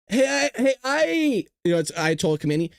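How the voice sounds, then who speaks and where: A man's voice: extremely high pitch, gravelly, clean tone, no room sound. Tired, giggly, profane male host. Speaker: show host. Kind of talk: casual news commentary livestream.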